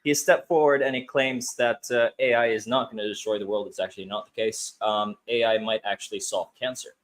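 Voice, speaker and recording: A man's voice: fairly low pitch, steady tone, a little fast. Hesitant man reading out a story. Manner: hesitant, many fillers, self-deprecating. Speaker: podcast co-host. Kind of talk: casual chat.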